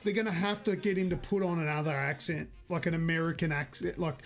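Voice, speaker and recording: A man's voice: fairly high pitch, fairly even intonation, quick pace, vocal fry, soft background music. A man co-hosting a gaming podcast in casual chat, rambling and correcting himself as he goes. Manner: chatty, rambling, self-correcting. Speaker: podcast co-host.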